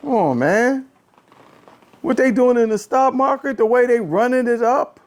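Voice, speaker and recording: A man hosting a casual political talk show, ranting in an animated, exasperated way, often repeating phrases and swinging from low muttering to a raised voice. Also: normal speed. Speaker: podcast host. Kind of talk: casual political commentary rant.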